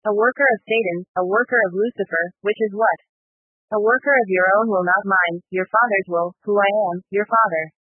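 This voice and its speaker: A man's voice: high-pitched, a little fast, dry recording. A man solemnly reading out a prophetic message, calling his listeners children again and again, followed by scripture verses. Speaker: prophetic messenger. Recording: tinny phone-like, dry.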